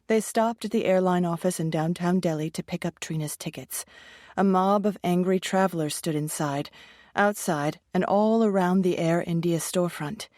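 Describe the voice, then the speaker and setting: A woman reading a thriller audiobook in an even, measured storytelling voice. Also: lowish voice, no room sound, clean studio sound. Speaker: audiobook narrator. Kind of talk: scripted narration.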